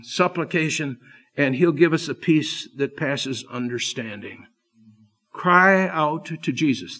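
A man preaching a sermon, impassioned, swinging from loud emphasis to hushed, earnest asides. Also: fairly high pitch.

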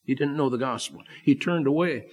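A male pastor preaching a sermon to his church, emphatic, swinging between loud declarations and quiet asides. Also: medium pitch, fairly quick.

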